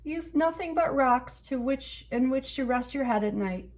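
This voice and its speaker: A woman reading aloud, voicing a kind, gentle quiltmaker who speaks calmly. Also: high voice, unhurried, pitched above the performer's own voice. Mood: kindly.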